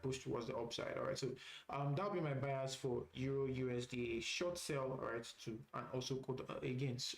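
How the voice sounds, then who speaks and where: Here a medium-pitched male voice comes through a rough, reverberant recording. He's a trading instructor leading a live session, casually talking over charts, often repeating phrases and leaning on "all right" as filler.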